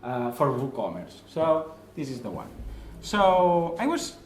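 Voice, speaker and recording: A man's voice: mid-range voice, big pitch swings, measured pace. Spanish-accented guy giving a casual meetup talk, lots of uhs and restarts, echoey room, bit of background hiss. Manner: informal, self-deprecating, many fillers and restarts. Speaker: guest speaker. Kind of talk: presentation talk. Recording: roomy echo, faint noise.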